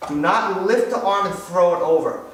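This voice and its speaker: This man has a high, fairly bright voice at normal speed as he teaches a martial arts drill in a demonstration lesson. He's patient, breaks things down step by step, and checks in with frequent questions, often saying "okay?". The recording is noisy and echoey, with him distant from the microphone.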